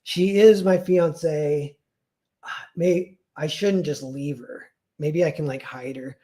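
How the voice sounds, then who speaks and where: A man's voice: a little high, takes it slowly, warm tone. A man voicing an indecisive young male fiance, talking in a hesitant, fumbling way. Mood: wavering.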